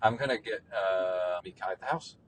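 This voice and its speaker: A man with a deep voice hosts an endurance sports podcast, chatting casually on the go at a normal speed. His storytelling rambles and is packed with ums and uhs.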